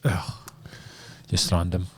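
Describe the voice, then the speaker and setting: A man's voice: slow, darkish tone. A Scottish man hosting a podcast quiz, teasing his friends, laughing and swearing in casual chat. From Scotland. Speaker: podcast host running a quiz. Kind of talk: casual pub-style chat.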